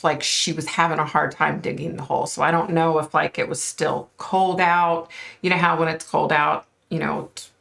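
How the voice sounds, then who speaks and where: A woman's voice: low-pitched, vocal fry, a bit bright. A woman vlogger recounting a psychic vision in a loose, rambling way, full of fillers. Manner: rambling, many fillers, points at an imagined map. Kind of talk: casual storytelling to camera.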